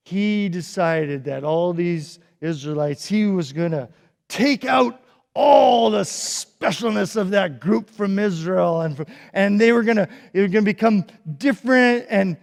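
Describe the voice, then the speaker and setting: A Sunday school teacher telling a Bible story to children in a playful, animated way. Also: male voice, sits high. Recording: echoey hall.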